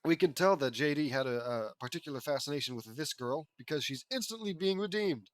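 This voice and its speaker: A man's voice: a little high, animated, brisk, no room sound. A man reading fan fiction aloud, mocking the story in asides between lines and raising his voice for the quoted characters. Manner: mocking, wry commentary between read lines.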